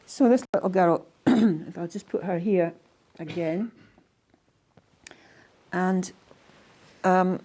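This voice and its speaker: An older woman with a Scottish accent, telling stories by the fireside in a gentle, halting way that often trails off to a hush. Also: fairly low pitch. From Scotland. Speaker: storyteller and singer. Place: indoors in a house by a fireside.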